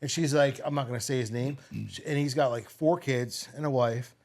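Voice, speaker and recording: A man in his forties chatting on a podcast, blunt and profane, telling animated stories. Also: mid-range voice, brisk. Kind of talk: casual podcast chat.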